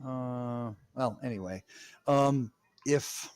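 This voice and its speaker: A man from Massachusetts streaming in casual chat, meandering and halting as he talks. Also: medium pitch, clean tone, dry recording. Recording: loud background noise.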